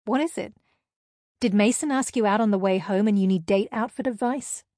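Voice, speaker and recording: A woman voicing a bubbly, excitable teenage girl who teases her friend on the phone. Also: medium pitch, normal speed, no echo, studio quality, close to an everyday voice. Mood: excited teasing. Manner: squealing, teasing, excitable. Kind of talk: audiobook character voice.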